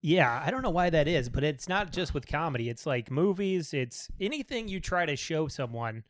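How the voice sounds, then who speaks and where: A man's voice: a little high, animated, moderate pace, no room sound, clean studio sound. A congested man hosting a casual podcast interview, easygoing and agreeable, with many fillers. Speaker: podcast host.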